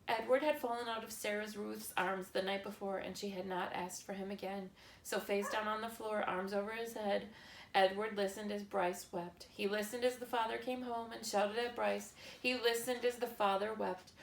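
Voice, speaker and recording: A woman narrating a children's novel chapter in a slow, measured reading style. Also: medium pitch, steady tone, creaky, a little hiss or hum. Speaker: audiobook narrator. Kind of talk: scripted narration. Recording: echoey room with faint ambience.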